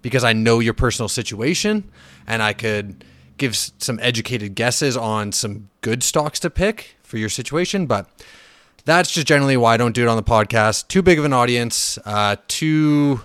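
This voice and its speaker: A man's voice: medium pitch, moderate pace, clear, resonant tone, dry recording. A man hosting a casual solo finance podcast, blunt and profane, ranting with fillers and restarts. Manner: animated when riled, with fillers and restarts. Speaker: podcast host.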